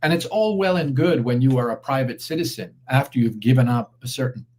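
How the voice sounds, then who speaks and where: A man speaking as a guest commentator in a live online interview, measured and deliberate, with frequent fillers and restarts. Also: mid-range voice, a little mellow.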